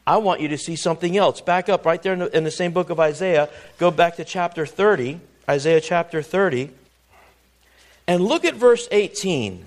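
A man with a high voice preaches a sermon to his congregation. He repeats phrases for emphasis and keeps asking the room questions. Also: moderate pace. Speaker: pastor.

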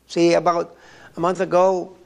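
Halting older man preaching, gravelly. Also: fairly high pitch, monotone, darkish tone. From Mexico. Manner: halting, repeats words, storytelling. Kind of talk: sermon.

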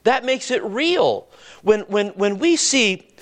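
High-voiced preacher asking the congregation. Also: male voice, expressive. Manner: preaching with call-and-response questions to the congregation; slows down to stress words, then drops low and quiet. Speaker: pastor. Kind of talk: sermon.

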